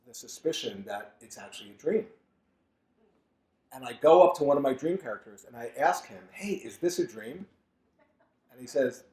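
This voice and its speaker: A man, an author, telling personal stories to an audience at a bookstore event, loud at first and softer later. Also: medium pitch. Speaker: author giving a book talk. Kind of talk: storytelling talk to an audience. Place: large bookstore event room. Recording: roomy echo.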